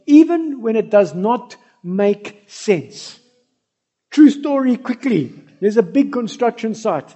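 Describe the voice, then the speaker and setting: Husky-voiced preacher. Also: male voice, sits high, very animated, slow, mellow, highs cut off. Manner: storytelling, addresses the congregation directly. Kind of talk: sermon.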